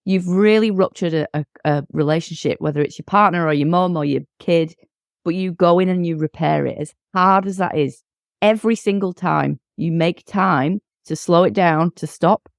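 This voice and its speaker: A woman in her forties from the United Kingdom, a guest speaking in casual conversation, animated and acting out quoted dialogue. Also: lowish voice, normal speed, creaky, no room sound, studio quality. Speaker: guest, coach and podcaster.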